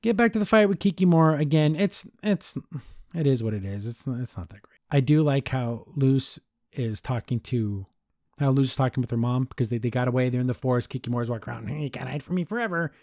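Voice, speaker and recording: A man's voice: medium pitch, fairly quick, darkish tone, no room sound, studio quality. A man casually recapping a cartoon episode, rambling with lots of "like" and acting out the characters' lines as he goes. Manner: rambling, heavy use of "like", acts out quotes. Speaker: podcast reviewer.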